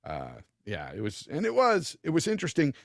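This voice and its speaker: A man's voice: a little high, huge pitch swings, a little fast, gravelly, dry recording, clean studio sound. A man co-hosting a casual gaming podcast, rambling and repeating himself, with a casual swear now and then. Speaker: podcast co-host.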